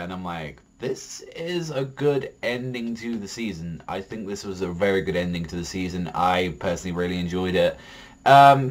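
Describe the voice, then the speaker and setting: A young man casually reviewing a TV episode on his vlog, swearing constantly and rambling with heated opinions and lots of fillers. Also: medium pitch. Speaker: TV show reviewer.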